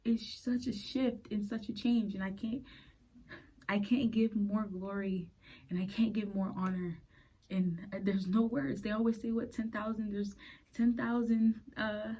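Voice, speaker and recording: Breathy woman sharing a tearful testimony. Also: a little high, fairly even intonation, dark tone, rough recording. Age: late 20s. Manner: earnest, halting, fighting back tears. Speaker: podcast host. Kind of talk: personal faith testimony.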